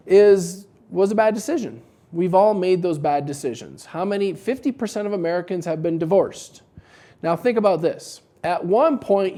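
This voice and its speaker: A business coach for dental practices talks casually to camera in a high, mellow, warm voice. His advice has a wry, joking edge, and he tells animated little stories to make his point.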